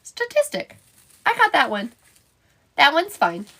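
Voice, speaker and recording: While crafting live on stream, this host jokes around with her chat and keeps the talk playful. She has a fairly high, expressive voice that sounds pushed and bright, and she speaks at a normal speed.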